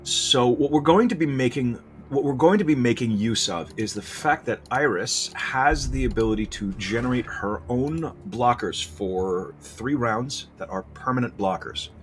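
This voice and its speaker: A man's voice: mid-range voice, animated, moderate pace, hardly any pauses, soft background music. A man giving casual, rambling gameplay commentary, self-deprecating and restarting his sentences often.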